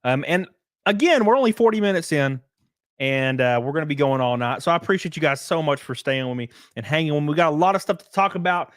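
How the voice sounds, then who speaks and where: Livestream host, man, lively swooping pitch, blunt and profane, dry close sound. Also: fast talker, dry recording. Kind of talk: casual livestream chat and rant.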